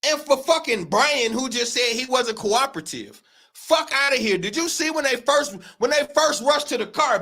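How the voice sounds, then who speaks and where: Male livestream host, strikingly high, bright, forceful voice; heated, profane, emphatic commentary. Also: animated, moderate pace. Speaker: show host.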